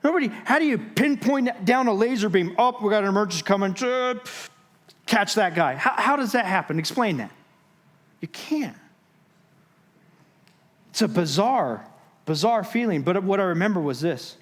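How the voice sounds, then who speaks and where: A man giving a sermon as guest speaker, telling a personal story with dramatic pauses, moving between loud and hushed moments. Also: high-pitched. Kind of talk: sermon testimony. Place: church stage.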